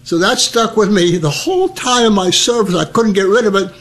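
A man's voice: high voice, a little fast. Older man telling war stories. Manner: lively storyteller, acts out voices and laughs. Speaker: veteran recounting memories. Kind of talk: oral history storytelling.

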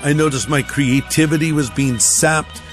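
A man's voice: a little high, normal speed, faint music behind. A male pastor telling a personal testimony in a conversational sermon style, acting out the voices of others. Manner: conversational, acts out quoted voices.

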